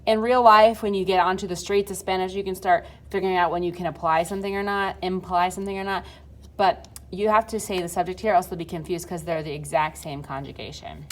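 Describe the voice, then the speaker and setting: A woman's voice: on the low side, steady tone, quick pace. A young adult woman teaching a recorded Spanish lesson, patiently drilling conjugations aloud.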